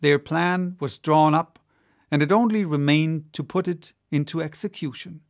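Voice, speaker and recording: A male audiobook narrator reading in a steady, measured way. His voice sits a little high and carries a gravelly edge. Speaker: audiobook reader.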